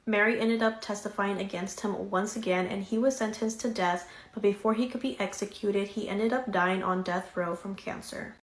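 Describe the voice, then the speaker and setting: Female true-crime narrator, even delivery, roomy echo. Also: medium pitch, moderate pace, hardly any pauses.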